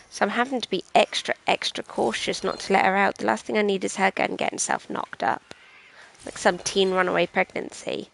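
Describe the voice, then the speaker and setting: A British woman with a medium-pitched, gravelly and slightly bright voice chats and rambles casually while streaming a video game, often making fun of herself. Her commentary is relaxed and self-mocking, and the audio quality is poor.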